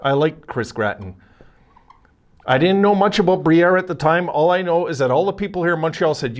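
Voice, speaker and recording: A man's voice: a little high, expressive, moderate pace. Chatty man rambling about old trades. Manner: rambling, chatty, self-correcting, frequent asides. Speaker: hockey video host. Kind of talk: casual solo commentary.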